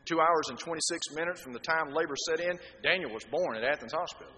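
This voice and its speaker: Middle aged preacher guy, bit high and really bright, booming sermon in an echoey church, gets loud then quiet. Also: fast. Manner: emphatic, swings from quiet to loud. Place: church hall. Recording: long hall reverb.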